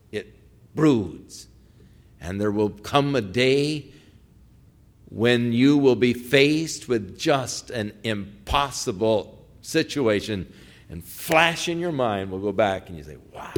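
A male preacher retelling a story in a sermon, conversational and emphatic. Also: mid-range voice.

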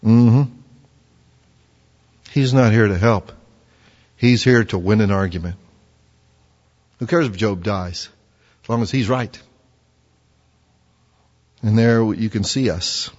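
A man's voice: fairly low pitch, slow pace, long pauses, a little mellow. A man preaching a sermon in a conversational way, full of rhetorical questions. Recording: dull sound with long hall reverb.

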